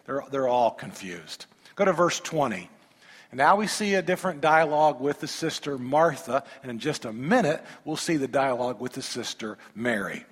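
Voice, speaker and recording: A man preaching a sermon, reading scripture aloud and breaking in with animated rhetorical questions and humorous asides to the congregation. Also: medium pitch, moderate pace, husky. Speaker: pastor. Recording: long reverb of a large hall.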